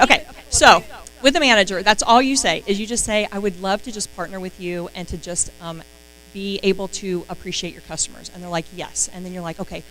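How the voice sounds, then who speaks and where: Chatty woman coaching on a live stream, gets all excited, bit of hum behind her. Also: medium pitch, rough recording. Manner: chatty, excitable, lots of fillers. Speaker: sales trainer. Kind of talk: casual live-stream training talk.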